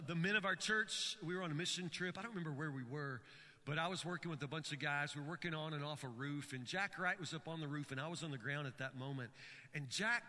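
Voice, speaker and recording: A man's voice: on the high side, pushed and bright, in a large hall. A man preaching a sermon, telling stories with frequent stammered restarts. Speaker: pastor.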